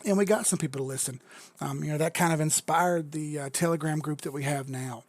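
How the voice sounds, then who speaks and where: A young adult man hosting a casual crypto livestream, chatty and excitable, swearing freely as he talks viewers through charts. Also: fairly high pitch, a little fast, no echo.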